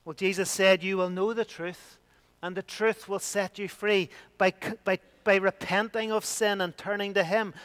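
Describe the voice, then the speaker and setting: A man delivers a sermon in a high, resonant voice. His preaching is emphatic, swelling to loud declarations and falling to quiet, hushed lines. The tone stays smooth and clear throughout. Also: steady tone, normal speed.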